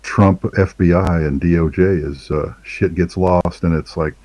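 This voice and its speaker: A man's voice: low voice, fairly even intonation, a little slow, darkish tone, no room sound. A man co-hosting a casual satirical chat, speaking in a sarcastic, mocking way and chuckling often.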